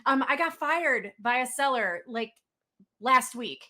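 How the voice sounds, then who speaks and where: A woman's voice: high voice, animated, slow pace, bright, forceful tone. A woman presenting a webinar, telling stories in a chatty way and acting out the exchanges she quotes. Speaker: webinar speaker.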